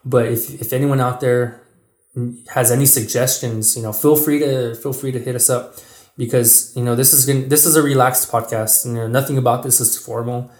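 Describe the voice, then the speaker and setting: Earnest man on a relaxed podcast. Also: medium pitch, normal speed. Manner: relaxed and earnest, with many restarts. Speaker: podcast host. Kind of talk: casual podcast chat. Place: small room with a microphone. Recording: echoey room.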